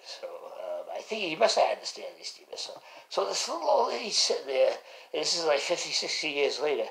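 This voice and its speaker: A man's voice: on the high side, big pitch swings, brisk, creaky, a bit bright, roomy sound, rough recording. A man casually telling a rambling family story, full of asides and restarts.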